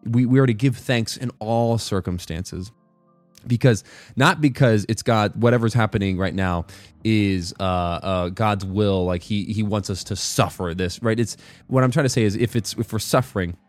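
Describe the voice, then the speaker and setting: With a fairly low voice and a normal speed, a man gives an informal devotional talk over soft background music in a dry recording. The worship music commentator wanders from point to point, fixes his own wording, and repeatedly asks "right?"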